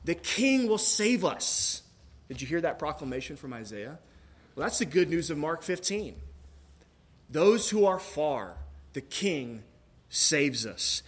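A man preaching a sermon in a church, reading scripture and then talking in a relaxed, conversational way with joking asides and a few fillers. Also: fairly high pitch. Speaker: pastor.

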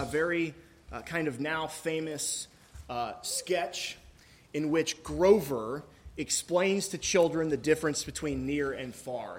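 Conversational pastor, fairly high male voice. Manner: conversational, joking asides, some fillers. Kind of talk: sermon with scripture reading. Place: church.

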